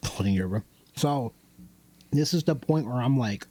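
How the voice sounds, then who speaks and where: Animated, blunt man on a podcast. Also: on the low side, moderate pace. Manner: animated and blunt, with profane exclamations. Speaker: podcast co-host. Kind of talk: casual podcast chat.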